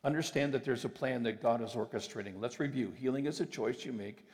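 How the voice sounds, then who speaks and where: A man preaching a sermon, emphatic and sometimes slowing his phrases for weight. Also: medium pitch, a little mellow. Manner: emphatic, with deliberate slowed phrases. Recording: long reverb of a large hall.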